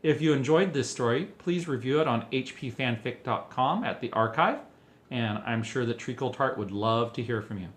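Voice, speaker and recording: A man reading a fanfiction story aloud as an expressive storyteller. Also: medium pitch, moderate pace. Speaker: fanfiction reader. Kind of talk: audiobook narration.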